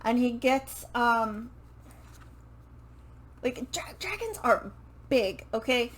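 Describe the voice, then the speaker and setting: Slow, rambling woman book vlogger. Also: fairly high pitch, animated, rough recording. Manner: rambling and unhurried, swears casually, self-correcting asides. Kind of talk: casual book chat to camera. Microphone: microphone she turns to face.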